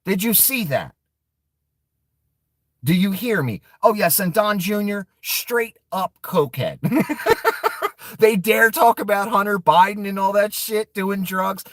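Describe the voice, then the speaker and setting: A man rants casually and profanely, laughing as he goes and talking straight to his viewers. His pitch sits a little high and swings widely. He speaks slowly, and the recording is dry and close. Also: lively intonation, a bit bright, no echo. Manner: profane, laughs often, mocking asides to chat. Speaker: political commentary streamer. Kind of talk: casual ranting commentary.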